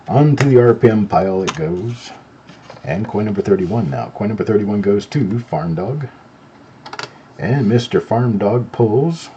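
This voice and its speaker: Deep, relaxed man hosting a live show. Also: muffled recording, slight background noise. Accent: no southern accent. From not from North Carolina. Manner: easygoing, talks while examining coins. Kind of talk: casual live-stream chat.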